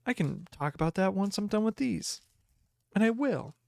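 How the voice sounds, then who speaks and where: Young man, podcast host, casual rambling chat, slightly high voice, dry room. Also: normal speed, gravelly, dry recording. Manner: rambling, excitable, reads card text aloud. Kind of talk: casual card pack opening chat.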